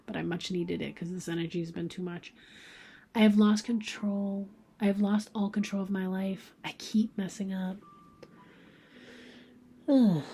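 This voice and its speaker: A woman giving a casual tarot card reading, talking informally and reading card messages aloud, often slipping into a soft half-whisper. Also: mid-range voice, slight background noise. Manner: reads card messages aloud, thinking out loud.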